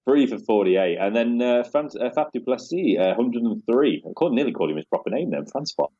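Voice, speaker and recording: A man hosting a casual cricket podcast, chatty and quick to laugh as he rolls through match scores. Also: mid-range voice, animated, warm tone, slightly rough, dull audio. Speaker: podcast host.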